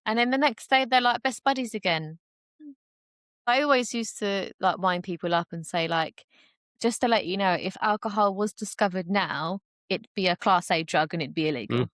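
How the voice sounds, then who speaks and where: A woman's voice: mid-range voice, normal speed, a bit bright, no room sound, studio quality. A young woman talking openly as a podcast guest, chatty and full of fillers, acting out the voices she quotes. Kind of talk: casual conversation.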